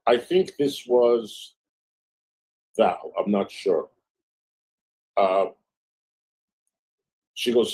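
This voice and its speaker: A man's voice: on the low side, very slow, pauses often, darkish tone, slightly rough, low-quality recording. A man hosting a livestream, casually reading out a string of text messages and cutting in with snarky, sarcastic asides. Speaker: livestream host.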